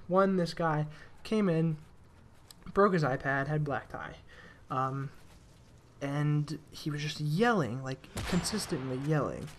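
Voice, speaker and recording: A man's voice: a little high, fairly bright tone, a little hiss or hum. A young man telling rambling work stories in casual commentary over a video game, with restarts and the odd swear. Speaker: gaming commentator.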